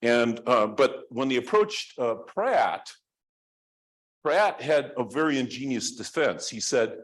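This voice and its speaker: A man's voice: mid-range voice, expressive, slow pace. A man giving a university lecture, telling a story in a rambling, conversational way with many restarts.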